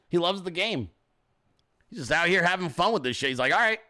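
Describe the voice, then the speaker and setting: A man hosting a podcast, with a high, bright voice that swings widely in pitch. He talks casually and profanely, cracking jokes and slipping into quick impressions of other people. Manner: profane, joking, animated mimicry of others. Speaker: podcast host. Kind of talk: casual political commentary.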